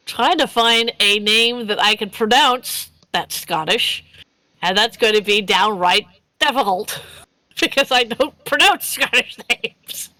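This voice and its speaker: Woman game master, chatty and giggly, slightly high voice, stumbles over words. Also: animated, slow, pushed and bright, no room sound, low-quality recording. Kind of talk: casual tabletop game narration.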